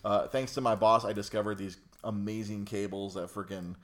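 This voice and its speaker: A young man with a fairly low voice hosts a laid-back chat. He talks in loose, rambling runs, full of fillers and false starts. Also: fairly even intonation, moderate pace. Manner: rambling, lots of fillers and restarts. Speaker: podcast host. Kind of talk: casual chat.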